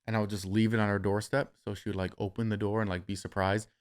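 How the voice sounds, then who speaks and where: A young man hosting a podcast, telling a story in a casual, animated way, swearing freely and acting out what people said. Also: on the low side, fast, smooth. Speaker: podcast host.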